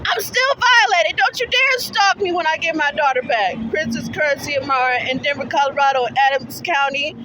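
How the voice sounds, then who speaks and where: A young adult woman delivering an emphatic, accusatory rant to camera. She swings between low pleading and shouting. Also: a little fast, hardly any pauses, background noise. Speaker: mother appealing for her child's return. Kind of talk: impassioned direct-to-camera rant.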